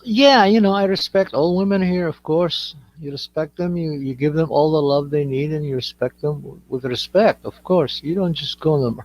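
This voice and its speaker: A man's voice: on the high side, moderate pace, few pauses, darkish tone, no room sound. A man joking around in casual chat on an online panel, slipping into silly voices. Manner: joking, does voices and impressions.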